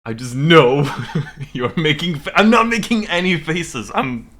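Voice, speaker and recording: A man's voice: on the high side, animated, a little slow, fairly bright tone. A young man from Sweden streaming from home, rambling nervously with lots of giggling.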